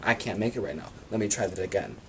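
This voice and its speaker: A man telling absurd comic stories about his free time in a deadpan monologue. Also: sits low, quick pace, background noise. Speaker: vlogger.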